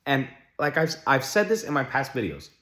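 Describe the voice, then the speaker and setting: A man's voice: medium pitch, very animated, normal speed, sharp tone. A young man vlogging casual relationship advice, blunt and full of swearing, who keeps asking his viewers rhetorical questions. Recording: echoey room.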